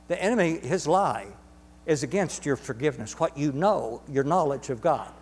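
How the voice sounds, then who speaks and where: A man's voice: fairly high pitch, lively intonation, normal speed, breathy edge, long reverb tail. A man preaching a sermon to a congregation, emphatic and repetitive, drawing words out for stress. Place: church sanctuary.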